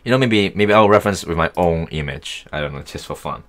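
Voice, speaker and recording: A young man casually talking through a software tutorial, thinking aloud as he works. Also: low voice, expressive, a little fast. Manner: easygoing, thinking aloud while working. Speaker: tutorial host.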